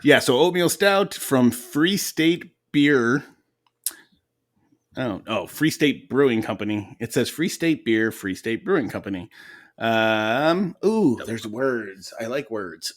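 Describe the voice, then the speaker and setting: A man with an average-pitched voice co-hosts a laid-back podcast. He keeps things light with jokes and playful asides, and his delivery stays casual and conversational. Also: animated, takes it slowly. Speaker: podcast co-host. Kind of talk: casual chat.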